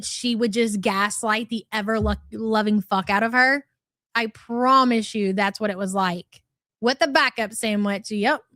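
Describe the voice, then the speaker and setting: A woman with a high voice hosts a commentary livestream, reading super chats aloud. She talks in a sarcastic, incredulous, teasing way. Her voice sounds dry and close to the mic. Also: a bit bright, no echo. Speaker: commentary channel host.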